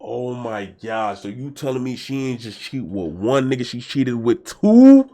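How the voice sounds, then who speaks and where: A young man hosting a reaction video, talking in loud, emphatic slang and swinging between shouts and mutters. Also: medium pitch, big pitch swings, unhurried, few pauses. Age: young adult. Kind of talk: casual reaction commentary.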